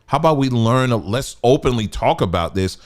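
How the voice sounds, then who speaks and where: A man's voice: medium pitch, expressive, a little fast. A man hosting a livestream, talking emphatically, repeating his points and asking rhetorical questions. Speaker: livestream host. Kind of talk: livestream commentary.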